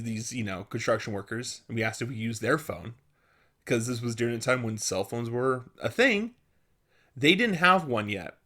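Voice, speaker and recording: A young man, a channel host, casually telling a personal story with frequent laughter and stumbling restarts. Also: mid-range voice. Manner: laughs often, halting restarts, animated quoted dialogue.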